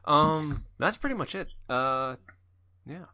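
A man's voice: fairly high pitch, lively intonation, takes it slowly, pushed and bright. A man co-hosting a podcast, chatting casually and mostly giving short agreeing replies. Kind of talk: casual chat.

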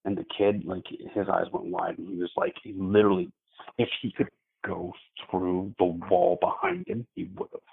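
A man with a low, gravelly, very husky voice recounts a frightening experience. He talks haltingly, circling back and repeating words. The sound comes through a narrow, phone-like line. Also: very animated. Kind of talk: telling a frightening personal story.

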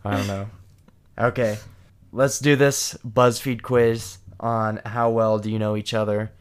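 A man's voice: lowish voice, flat delivery, a little slow, clean tone. A young man chatting casually with his partner, joking, rambling and poking fun at himself. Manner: joking, rambling, self-deprecating. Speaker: vlogger, co-host with partner. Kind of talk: casual couple chat.

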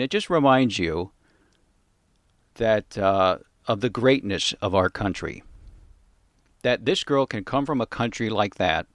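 An older man hosting a comedy podcast, talking in a rambling, halting monologue full of fillers and restarts. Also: on the low side, no echo, studio quality. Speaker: podcast host.

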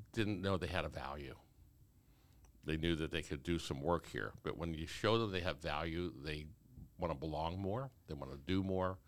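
Man, deep voice, dry close mic, earnest casual talk. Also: a bit bright, dry recording. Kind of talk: casual chat.

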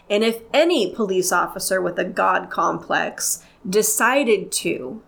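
An impassioned woman hosting a solo podcast, unhurried and deliberate in her delivery. She talks candidly and earnestly, in a plain-spoken way, with a mid-range voice. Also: mid-range voice, creaky, fairly bright tone. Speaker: podcast host.

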